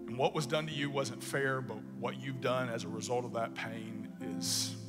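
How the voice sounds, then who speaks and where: A male pastor preaching in a church, telling a story and swinging between hushed passages and emphatic bursts. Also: medium pitch, steady tone, normal speed. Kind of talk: sermon. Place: church sanctuary. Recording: long church reverb, music behind. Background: soft music.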